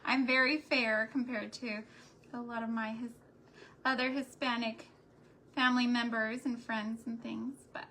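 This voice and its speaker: A woman with a Texan accent, raised in New Mexico, chats in a folksy, drawn-out way while working on a craft project. Her voice sits a little high, with a bright, forceful edge. A faint hum of room ambience sits behind her. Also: level tone. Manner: chatty, folksy, slow and drawn out. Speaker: homesteading channel host. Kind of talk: casual chat while painting.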